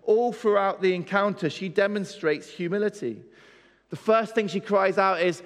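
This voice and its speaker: Preacher in a reverberant hall. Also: male voice, high voice, normal speed. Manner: rhetorical questions, emphatic repetition. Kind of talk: sermon.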